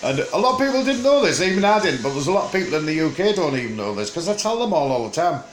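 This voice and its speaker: An older English vlogger with a Teesside accent and a sing-song voice on the high side rambles to camera in an echoey space, with soft music in the background. His chat is jokey and meandering, with frequent filler pauses.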